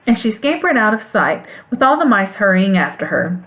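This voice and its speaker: A woman narrating a classic storybook aloud in an expressive, lilting way. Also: mid-range voice, normal speed. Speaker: audiobook reader. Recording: phone-like narrow band sound.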